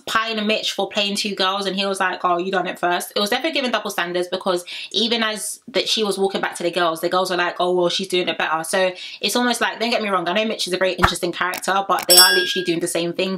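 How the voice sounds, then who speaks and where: A young woman from Kent, chatting through a sassy recap of a reality show and talking straight to her viewers. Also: medium pitch. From Kent, England. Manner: animated, sassy, addresses viewers directly. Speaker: reality TV reviewer.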